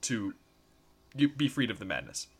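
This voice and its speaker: A man's voice: fairly low pitch, sing-song, normal speed, noisy background. A man playing a tabletop game in a casual, hesitant way, full of fillers. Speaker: player.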